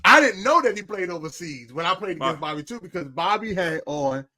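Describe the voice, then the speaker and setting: A man co-hosting a podcast, telling stories in casual chat, animated and laughing as he acts out what people said. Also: high voice, brisk, over a noisy crowd. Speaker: podcast co-host.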